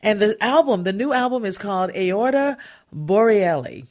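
A woman's voice: mid-range voice, lively intonation, moderate pace, a little mellow. A woman hosting a radio arts show, upbeat and chatty, laughing easily with guests. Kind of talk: radio interview.

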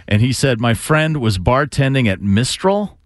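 A man's voice: mid-range voice, normal speed, no room sound, studio quality. A man hosting a rock radio show, chatting casually and laughing often. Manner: excitable, laughing banter. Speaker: radio host. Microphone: studio microphone.

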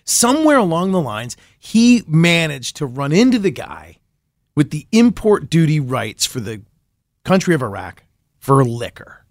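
A man's voice: fairly high pitch, big pitch swings, a little slow, no room sound, clean studio sound. Enthusiastic man telling a story on radio. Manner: enthusiastic storyteller, laughs often. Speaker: podcast host and reporter. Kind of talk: casual radio interview chat.

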